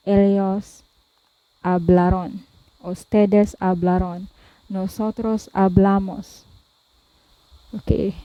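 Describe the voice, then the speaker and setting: A woman tutor slowly explaining verb forms, pausing often and repeating each one. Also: medium pitch, no room sound, muffled recording. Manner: deliberate, repeats each form, frequent "um" and "okay". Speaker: language tutor. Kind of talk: slow explanatory lesson.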